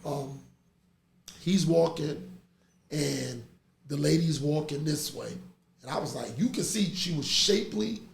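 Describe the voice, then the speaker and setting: A middle-aged man chats on a podcast. His voice has gravelly fry and sits a touch high. He swings from easy storytelling into loud laughter, in an echoey room with faint background noise. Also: measured pace, long pauses. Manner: animated storytelling, laughs through stories. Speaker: podcast host. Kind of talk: casual chat.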